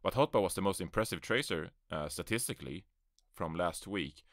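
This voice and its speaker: A man's voice: low voice, expressive, brisk, a bit bright, dry recording, studio quality. A man hosting his first solo esports podcast from a closet on a USB microphone, rambling and offhand, with self-deprecating asides. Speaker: podcast host. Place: small closet.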